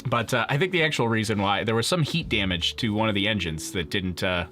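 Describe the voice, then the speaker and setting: A man's voice: fairly low pitch, brisk, sharp tone, faint music behind. A man hosting a live stream, chatting casually with viewers, joking and laughing often. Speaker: livestream host.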